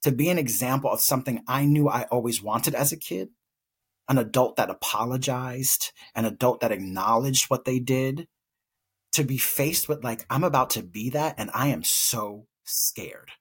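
A man's voice: medium pitch, normal speed, breathy edge. A man co-hosting a podcast, telling a personal story in an earnest, reflective way, openly emotional. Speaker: podcast co-host.

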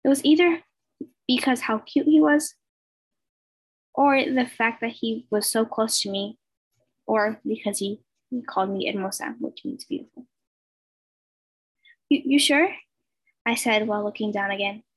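A woman's voice: a little high, steady tone, moderate pace, poor audio. A young woman, likely a teenager, reading a fan story aloud in a casual, hesitant way with stumbles and fillers, recorded on a laptop over a video call at home. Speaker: fan fiction reader. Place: bedroom at home.

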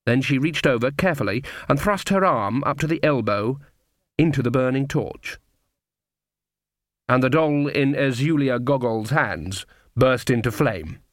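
A man's voice: medium pitch, no echo, clean studio sound. Man narrating a story. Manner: even, measured storytelling. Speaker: audiobook narrator. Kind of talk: scripted narration.

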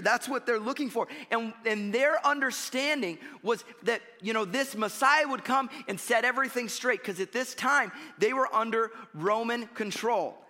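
Bright, high-voiced pastor, lively and chatty from the pulpit, long hall reverb. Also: male voice, moderate pace, few pauses. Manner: animated, conversational preaching with frequent "right?" and "you know" asides. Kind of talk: sermon.

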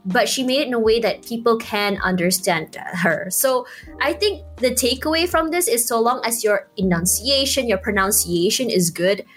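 High-voiced woman with an American-sounding accent. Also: lively intonation, normal speed. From Malaysia. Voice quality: naturally high-pitched voice. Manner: chatty, many "you know" and "like" fillers. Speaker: guest esports shoutcaster. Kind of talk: casual podcast chat, giving advice.

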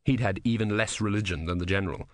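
A man narrating an audiobook with expressive storytelling. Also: lowish voice, fast talker, no room sound, studio quality. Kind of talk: scripted narration.

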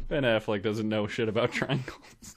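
Laughing, joking man in casual chat. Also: fairly low pitch. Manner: joking, laughs often, rambling. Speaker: podcast co-host.

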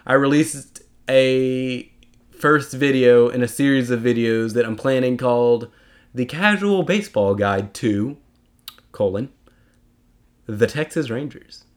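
A man's voice: medium pitch, slow pace. A young man hosting a casual solo podcast, rambling and chatty with self-mocking asides. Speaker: podcast host.

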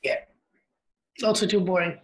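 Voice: medium pitch, fairly even intonation, moderate pace, roomy sound. A podcast co-host chatting casually, hesitant with restarts and dry remarks. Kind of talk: casual chat.

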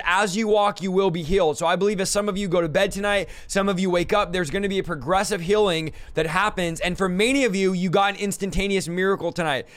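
Man host excitedly reading viewer comments. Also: high voice, smooth, dry recording. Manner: quick, excited listing. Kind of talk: live stream, reading comments aloud.

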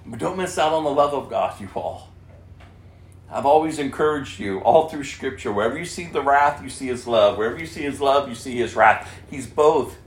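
A pastor preaching an impassioned, emphatic sermon, dropping to a hush and then rising to loud. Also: male voice, mid-range voice, animated, normal speed, echoey room, distant mic.

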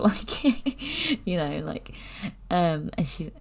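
A woman's voice: low voice, normal speed, vocal fry. A young woman chatting candidly to camera, rambling and giggling as she talks. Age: young adult. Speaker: vlogger. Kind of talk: casual chat.

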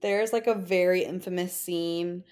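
A young woman with a somewhat low voice, chatting on a podcast. She talks in a relaxed, conversational way, full of "like". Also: measured pace. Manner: conversational, chatty with frequent fillers. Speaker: podcast co-host. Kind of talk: casual chat.

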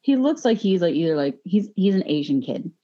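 A gym teacher chats as a guest, telling long stories full of fillers and laughter. Her voice sits a little low. The audio is dull and lo-fi. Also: very animated, a little fast, dark tone. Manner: laughs often, rambling with fillers. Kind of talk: casual chat, storytelling.

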